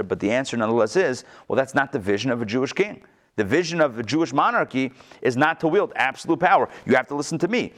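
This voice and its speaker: A man teaching a text-study class at a mid-range pitch, talking conversationally. He keeps asking his listeners rhetorical questions. His pitch swings up and down for emphasis.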